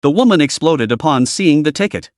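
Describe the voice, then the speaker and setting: Lively male story narrator. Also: a little high, brisk, no room sound, studio quality. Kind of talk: scripted comic recap narration.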